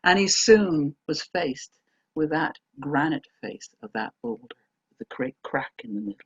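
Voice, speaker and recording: A woman telling a folk tale aloud, dramatic, moving between hushed and emphatic delivery. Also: low-pitched, husky, dry recording, dull audio. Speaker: storyteller. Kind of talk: oral folk-tale storytelling.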